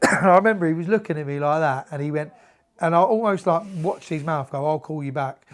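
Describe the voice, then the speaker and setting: A man tells boxing-gym stories in casual chat, slightly higher-pitched than most men. He acts out the voices of the people in his stories and swears freely. The delivery is lively and conversational. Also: quick pace. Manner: animated anecdotes, acts out quoted dialogue, swears freely. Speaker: podcast guest, former professional boxer.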